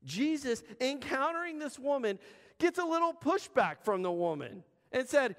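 A man with a high, light voice preaches to his congregation, conversational and direct, leaning on pauses for emphasis. His words ring out with a long reverb from the church hall around him. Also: sing-song, a bit bright. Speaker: pastor. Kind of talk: sermon.

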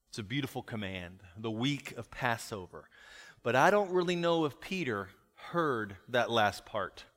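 A male pastor in a mid-range voice delivers a reflective sermon. He often asks rhetorical questions and lets the key lines fall quiet. His voice carries a long reverb through a church hall. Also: medium pitch, expressive, a little slow.

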